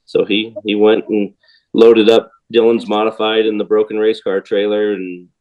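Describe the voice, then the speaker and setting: Low-voiced easygoing guest. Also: male voice, little pitch movement, moderate pace, highs cut off. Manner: easygoing anecdote teller, many short agreements. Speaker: podcast guest, race driver. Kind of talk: casual chat.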